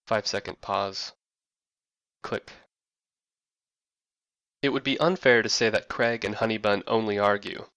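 A man reading a scripted narration with a dry, wry deadpan delivery. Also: on the low side, a little fast, few pauses, smooth, no echo, dull audio.

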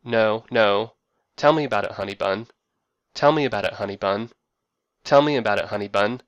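Guy playing a frazzled office dude on the phone, low voice, repeats himself a lot. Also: no room sound, dull audio, natural voice. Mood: cooing. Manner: repetitive, halting phone talk. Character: male office worker, flustered on phone calls. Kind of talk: acted quotes in a narrated essay.

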